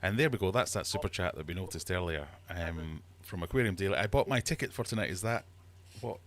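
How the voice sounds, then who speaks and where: A man's voice: sits low, animated, fast. Chatty Scottish man hosting a livestream. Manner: chatty, reads out comments, jokey. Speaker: livestream host. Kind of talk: casual livestream chat.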